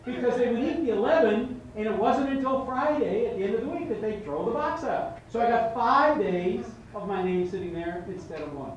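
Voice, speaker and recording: This motivational speaker's voice is extremely high and expressive, fairly quick, with hardly any pauses, and the audio sounds dull. He entertains a live seminar audience in a large event room with humorous stories, acting out the dialogue. The sound comes from a distance in an echoey hall, with faint noise.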